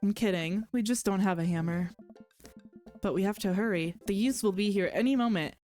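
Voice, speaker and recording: A woman's voice: mid-range voice, a little fast, darkish tone, soft background music, close to an everyday voice. A woman reading the lines of a nervous middle-aged church dad in a game, in her own voice. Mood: fretful.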